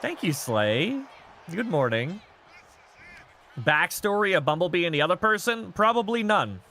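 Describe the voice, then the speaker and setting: Lively high-voiced male streamer. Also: measured pace. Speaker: streamer hosting a wrestling game show. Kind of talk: casual live-stream chat.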